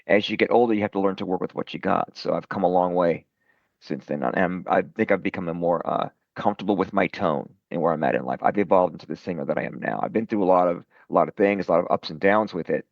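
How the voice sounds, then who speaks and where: Middle-aged guy from brooklyn, deep gravelly voice, rambly and self-deprecating, dull dry lo-fi audio. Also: quick pace, dry recording. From Brooklyn, New York. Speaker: rock singer, guest. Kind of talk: casual interview chat.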